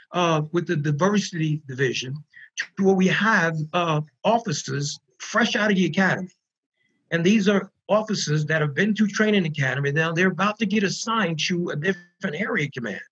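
A man with a high, husky voice tells his stories with earnest energy, doubling back on words to land them. The call audio is muffled and lo-fi. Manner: earnest, animated storyteller who repeats words for emphasis. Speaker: founder of a prisoner reentry program. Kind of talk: storytelling in an online panel interview.

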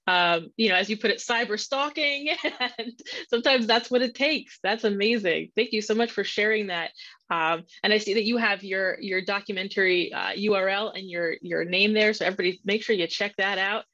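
A woman's voice: mid-range voice, moderate pace, bright, forceful tone. A woman moderating a career panel, praising a speaker and introducing the next. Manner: encouraging, upbeat. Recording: dull lo-fi sound.

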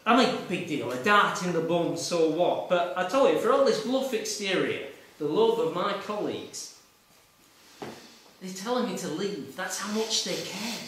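A man's voice: sits high, animated, normal speed, fairly bright tone. A man playing a blustering traffic warden. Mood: aggrieved. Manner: blustering, rambling, self-pitying, with sudden bursts. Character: aggrieved middle-aged male traffic warden, blustering and wounded. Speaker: actor in a solo stage show. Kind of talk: live theatrical monologue. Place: meeting room with a live audience. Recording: echoey room, voice from far off.

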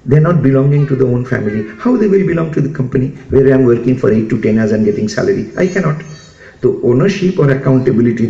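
Older Indian man, lively, roomy hall. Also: medium pitch. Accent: Indian English. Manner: animated, humorous, questions the audience. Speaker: speaker addressing parents. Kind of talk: motivational talk. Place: school hall. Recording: echoey hall, dull lo-fi sound.

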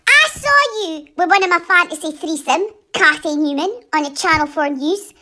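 A performer voicing a foul-mouthed male puppet dog, ranting in a shrill, sweary, giggling voice for a comic online video. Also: animated, normal speed, bright, forceful tone, heavily acted. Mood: mocking.

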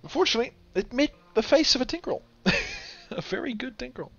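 A man's voice: very high voice, racing, creaky. Tired man commentating a game stream. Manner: relaxed, chuckling, rambling. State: tired with a sore throat. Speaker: tournament host streaming a game. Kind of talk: casual live game commentary. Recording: dull lo-fi stream audio with game music. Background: faint game music.

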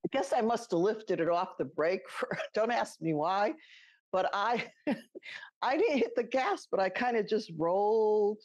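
A woman's voice: mid-range voice, animated, unhurried, dry recording, lo-fi sound. A middle-aged woman co-hosting a podcast, telling a personal story in a casual, chatty way and laughing often. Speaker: podcast co-host.

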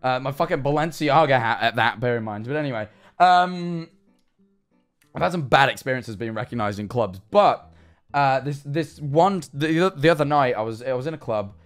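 Animated young Englishman on a livestream. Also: mid-range voice, moderate pace, faint music behind. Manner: animated, swearing, bursts into incredulous shouting. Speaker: streamer. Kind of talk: casual livestream chat reacting to viewer messages.

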